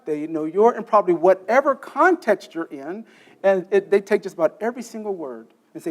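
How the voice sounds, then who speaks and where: High-voiced man giving a tech lecture. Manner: explains step by step, often checks in with "okay?"; quizzes the audience. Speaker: conference speaker. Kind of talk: technical lecture. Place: conference session room.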